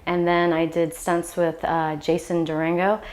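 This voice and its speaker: A middle-aged actress in an interview, telling stories animatedly and acting out what others said. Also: female voice, on the low side, unhurried. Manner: animated storytelling, quotes others.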